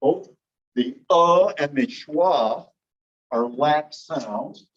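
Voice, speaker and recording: A man teaching a classroom lecture on English sounds, relaxed and explanatory, slowing down to demonstrate words. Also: fairly high pitch. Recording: dull lo-fi classroom recording.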